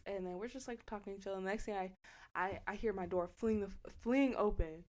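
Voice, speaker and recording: A woman's voice: mid-range voice, brisk. Young woman telling a wild story. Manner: animated storytelling, acts out quotes, frequent swearing and slang. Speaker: podcast co-host. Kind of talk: casual storytelling chat.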